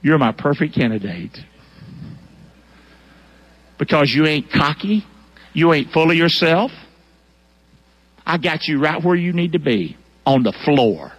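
A man preaching and voicing God as a calm, reassuring, fatherly presence. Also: a little high, pitched below the performer's own voice, low-quality recording. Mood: assuring. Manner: slow, warm, reassuring, fatherly. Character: God, deep fatherly divine voice, calm and assuring. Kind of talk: sermon with acted divine voice.

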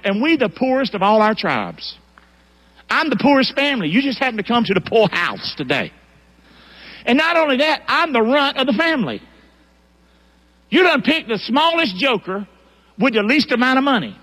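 A man's voice: extremely high pitch, sing-song, moderate pace, fairly bright tone, long reverb tail, pitched above the performer's own voice, exaggerated voice. A man preaching and acting out a doubting, poor young man who complains in folksy slang. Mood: protesting. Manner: folksy, exasperated, streetwise slang. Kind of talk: sermon with acted biblical character.

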